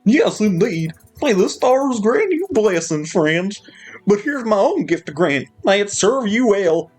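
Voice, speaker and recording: Man doing meek game merchant, pleading and overly polite, raised pitch, animated. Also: normal speed, breathy edge, faint music behind. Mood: grateful. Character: meek unfortunate male merchant.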